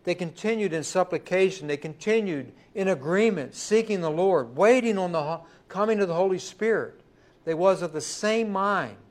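Male pastor, slightly higher voice, emphatic sermon delivery in church. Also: lively intonation. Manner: emphatic preaching, rising and slowing on key words.

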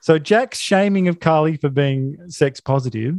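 A man co-hosting a podcast, recapping a film in deadpan sarcasm and mock outrage. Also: on the high side, moderate pace, no room sound, clean studio sound. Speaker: podcast co-host.

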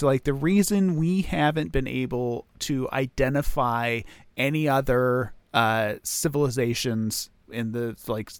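A man's voice: mid-range voice, dry recording. A man co-hosting a podcast in casual chat, rambling with lots of fillers and restarts. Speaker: podcast co-host.

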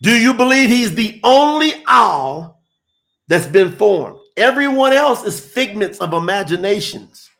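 A man delivering an emphatic sermon, his voice riding high and swinging widely in pitch. He takes his time, drawing out phrases and addressing listeners directly as he builds his case. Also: very animated, unhurried, creaky, a bit bright. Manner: emphatic, call-and-response preaching to online listeners. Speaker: preacher. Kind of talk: live-streamed sermon.

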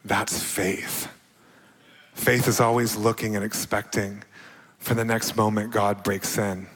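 A man giving a personal testimony sermon, telling his story with his voice climbing high as he acts out his own past words. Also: level tone, takes it slowly, a bit bright, slightly rough. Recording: long hall reverb.

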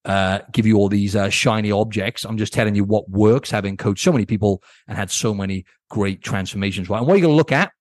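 A man's voice: on the low side, darkish tone, dry recording, studio quality. A man hosting his own podcast as a coach, giving blunt, casual advice and often checking in with "right?". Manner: blunt, casual, keeps asking "right?", swears. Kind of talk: solo podcast advice talk.

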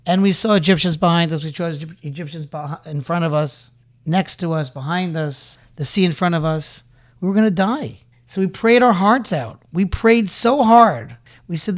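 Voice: mid-range voice, moderate pace. A Jewish inspirational speaker giving an impassioned talk. The speaker tells stories, weaves in Hebrew and Yiddish terms, and builds through repeated lines to rallying calls. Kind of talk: impassioned religious exhortation.

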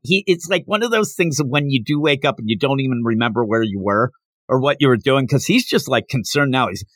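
A man casually retelling a comic chapter for his podcast. His pitch leaps around as he gets animated, and the recording is close and dry with no room sound. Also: fairly quick, no room sound. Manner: animated retelling with bursts of put-on character voices. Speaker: podcast host. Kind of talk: casual manga recap.

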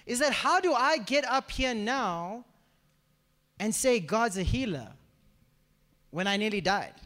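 A male pastor, preaching a testimony sermon to his congregation. His voice sits high for a man, and he acts out the people in his story as he tells it. The sound carries a long, echoing hall reverb. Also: a little slow. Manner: animated storyteller acting out quoted voices. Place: church hall before a congregation.

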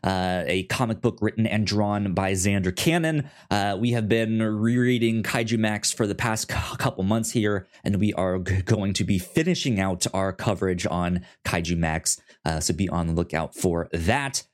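A man's voice: on the low side, moderate pace, few pauses. A man hosting a podcast, chatting casually in a rambling way with many restarts. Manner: rambling, with frequent restarts and fillers. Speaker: podcast host.

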